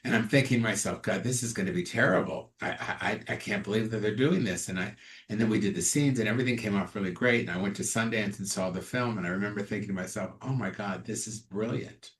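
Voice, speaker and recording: A man, an actor and comedian, chatting as an interview guest and telling animated stories in which he acts out other people's lines. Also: fairly low pitch, fast. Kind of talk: casual interview storytelling.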